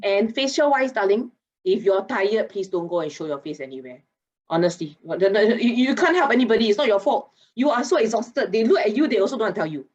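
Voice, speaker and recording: Woman, husky voice, animated and teasing, muffled video call. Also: mid-range voice, fairly quick. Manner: animated, chatty, teasing, with local particles like lah. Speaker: guest speaker on mental wellness. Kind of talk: lively expert talk in an online masterclass.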